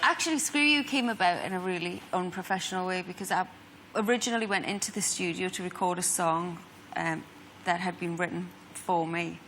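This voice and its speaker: A woman's voice: lowish voice, brisk, few pauses, fairly bright tone, slight background noise. A woman with a Geordie accent, a singer chatting and giggling as a talk-show guest.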